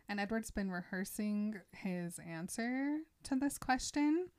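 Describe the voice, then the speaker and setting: A woman hosting a casual podcast, retelling a novel's scenes in a chatty way and quickly voicing the characters' lines. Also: medium pitch. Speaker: podcast host recapping a book. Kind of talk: casual book recap chat.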